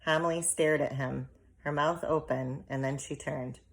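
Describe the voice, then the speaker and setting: A woman with a deep, low voice narrates a children's book aloud. Her reading is steady and measured, calm from line to line. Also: vocal fry. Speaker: audiobook reader. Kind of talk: storybook narration.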